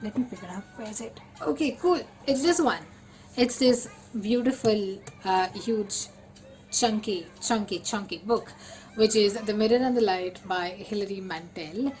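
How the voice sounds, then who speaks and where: A young woman, talking casually as a book vlogger, full of fillers and repeats, with excited bursts. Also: mid-range voice, unhurried, rough recording. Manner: chatty, lots of fillers and repeats. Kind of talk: casual chat.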